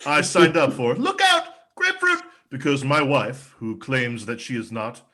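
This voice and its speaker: A man doing a deadpan spoof commercial, with a dry, formal, mock-earnest delivery. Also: mid-range voice, moderate pace. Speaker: comedian performing a mock ad. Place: home video stream.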